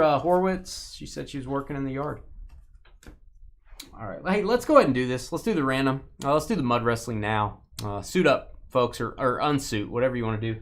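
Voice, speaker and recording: Joking man hosting a card break. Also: medium pitch. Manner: joking, teasing, rambling. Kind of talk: live stream card break commentary.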